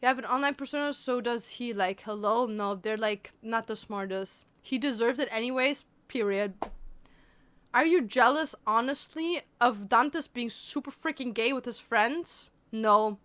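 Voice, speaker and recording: Bright, teasing woman streamer. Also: a little high, unhurried. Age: 20s. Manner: blunt, teasing, switches between English and German. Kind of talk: casual livestream chat.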